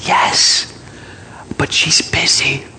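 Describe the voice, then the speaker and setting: A man's voice: drawn-out words, pushed and bright, roomy sound, heavily acted. A man voicing a small four-year-old boy who whispers secretively on the phone, as a whispered role-play.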